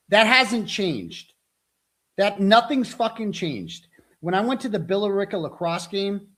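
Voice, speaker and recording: A man's voice: high voice, fairly bright tone. A frustrated, overwhelmed man hosting a livestream, ranting in a profane, combative, taunting way. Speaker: livestream host. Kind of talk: angry livestream rant.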